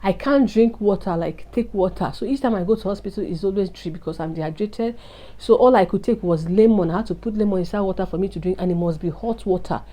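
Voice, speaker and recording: Her mid-range voice is dark in tone and quick in pace as this woman vlogger shares an emotional personal testimony. She confides in her viewers earnestly, calling them "guys."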